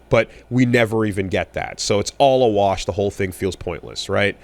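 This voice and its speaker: A man with a fairly low voice co-hosting a podcast in loose, casual chat. He rambles through his points with plenty of fillers and restarts, and gets animated when something bothers him. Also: a little fast, few pauses. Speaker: podcast co-host.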